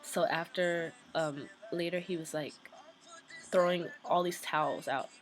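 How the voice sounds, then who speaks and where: A woman vlogger casually telling a story, chatty and excited, with lots of "like" and "um" fillers. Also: fairly low pitch, measured pace, faint music behind, poor audio.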